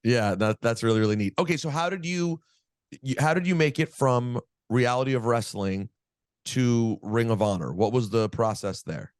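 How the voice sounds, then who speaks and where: A man's voice: medium pitch, lively intonation, clear, resonant tone, dry recording, clean studio sound. A man hosting a casual podcast interview, reacting with enthusiasm and asking questions. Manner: enthusiastic, quick affirmations. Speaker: podcast host.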